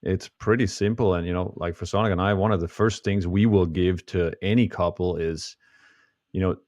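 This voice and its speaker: A man's voice: deep voice, steady tone, normal speed, a little mellow, no room sound, clean studio sound. A man hosting a casual interview podcast and talking about coaching couples in an easygoing, conversational way.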